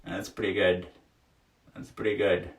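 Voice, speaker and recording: Man streaming from a small sauna, lowish voice, laughs a lot, frank jokey host, boomy and echoey, off the mic. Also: little pitch movement, a little slow, distant mic. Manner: laughs often, joking and frank. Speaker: livestream host. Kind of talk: casual chat reading viewer comments aloud. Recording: echoey room, voice away from mic.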